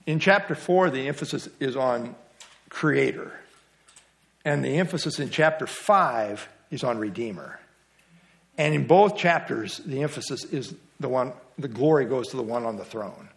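A man's voice: mid-range voice, animated, moderate pace, vocal fry. A middle-aged man teaching a small Bible study class in a folksy, teasing way, with a lot of fillers and restarts. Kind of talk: casual Bible lesson.

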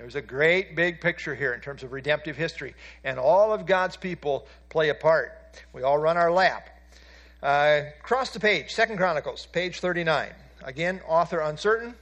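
A man's voice: on the high side, a bit bright. A man teaching a Bible class, explaining from handout pages and asking his listeners questions, with frequent "uh" fillers.

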